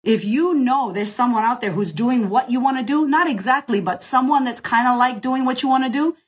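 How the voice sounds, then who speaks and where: Husky-voiced, blunt, swearing woman coach. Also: a little high, a little fast. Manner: blunt, profane and emphatic; direct, rallying the listener. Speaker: business coach. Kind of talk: casual live Q&A.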